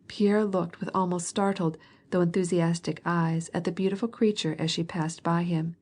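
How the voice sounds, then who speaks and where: Mellow-voiced woman reading an audiobook. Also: lowish voice, steady tone, moderate pace. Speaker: audiobook narrator. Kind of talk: scripted audiobook narration.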